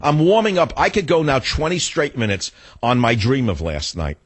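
A man's voice: mid-range voice, animated, normal speed, slightly rough. A man hosting a talk radio show, ranting in an indignant, theatrical monologue into a studio microphone.

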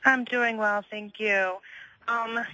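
A woman phones in to a radio show, frustrated and indignant. Her voice is bright and a little high, heard over a phone line. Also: steady tone, takes it slowly, no echo. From United States. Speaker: caller. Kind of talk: phoning in to talk radio.

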